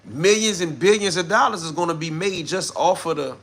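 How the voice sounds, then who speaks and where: Gravelly slangy man talking on a livestream. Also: fairly high pitch, moderate pace, a bit bright. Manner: loose slangy commentary, greets viewers. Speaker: livestream host. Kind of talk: casual live-stream talk reading chat.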